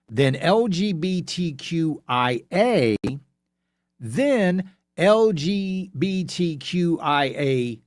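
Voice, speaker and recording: A man hosting a talk radio show, delivering an opinionated monologue in a sarcastic, mocking way and sounding out letters slowly for effect. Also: on the high side, no echo, studio quality. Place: radio studio. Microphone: studio microphone.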